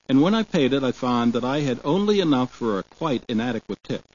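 A man reading a story aloud in a measured, deliberate way. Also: medium pitch, a little mellow. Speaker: narrator and vocabulary reader. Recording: dull lo-fi recording.

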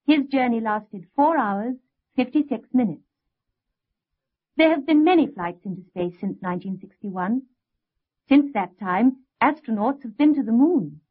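A woman narrating a language lesson in a clear, expressive way. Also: a little high, a little slow. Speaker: course narrator. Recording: tinny lo-fi tape.

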